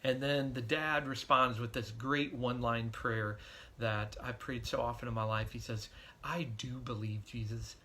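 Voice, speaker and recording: A man's voice: medium pitch, level tone, normal speed, sharp tone. A middle-aged man, a pastor, giving a devotional sermon in an earnest, conversational storytelling way.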